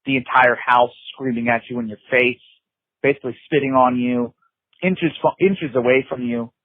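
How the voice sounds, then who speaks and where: A man's voice: mid-range voice, steady tone, moderate pace, no echo. Emphatic man on a tinny phone line. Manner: emphatic, repetitive, frequent "you know" and restarts. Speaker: interview guest. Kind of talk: intense personal recollection.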